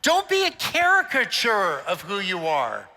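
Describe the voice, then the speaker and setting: On a conference stage in a big hall, an older man gives church leaders an inspirational talk, joking and telling stories playfully. His high voice swoops wildly in pitch, bright and forceful, delivered without hurry amid the hall's long reverb.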